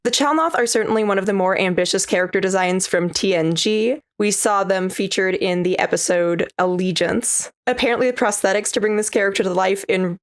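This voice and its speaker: A woman reviewer reads a scripted episode recap in a conversational, lightly wry way. Her pitch is middle for a woman. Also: fairly quick, few pauses. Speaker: video reviewer.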